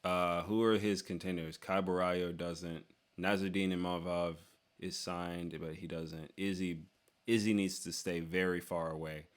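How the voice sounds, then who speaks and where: A man's voice: low voice, little pitch movement, a little slow. A young man casually answering viewer questions, joking around and trailing off into fillers like "dude" and "like". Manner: loose and joking, lots of "dude" and "like", trails off and restarts. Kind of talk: casual Q&A chat.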